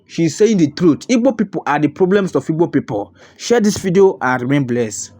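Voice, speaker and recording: Guy doing the intro, calm and steady, slightly high voice. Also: moderate pace.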